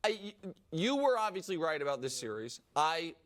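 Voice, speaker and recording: A man's voice: fairly high pitch, big pitch swings, moderate pace, a bit bright. A man hosting a sports talk show who admits candidly that his prediction was wrong. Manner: candid, self-deprecating. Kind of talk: studio sports debate.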